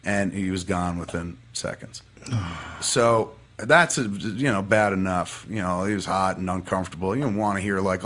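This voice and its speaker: A man's voice: sits low, normal speed. A man telling a personal story in a casual podcast chat, swearing freely and acting out what people said. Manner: profane, animated storytelling with acted-out quotes. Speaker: podcast guest.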